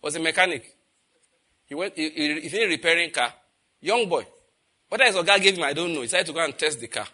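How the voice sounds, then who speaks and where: Husky Nigerian preacher telling stories. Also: male voice, a little high, fast, long pauses, bright, forceful tone. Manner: storytelling, asks the audience questions. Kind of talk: sermon.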